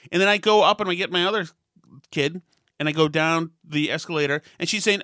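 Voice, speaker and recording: A middle-aged man hosting a casual monologue, telling stories and getting worked up and loud when he retells arguments. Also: high voice, fast talker, no echo, clean studio sound. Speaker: podcast host.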